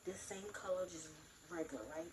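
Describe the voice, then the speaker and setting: A woman vlogger telling a storytime in a casual, blunt, animated way, acting out both sides of a quarrel. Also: lowish voice, a little fast, roomy sound, background noise. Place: room in her home.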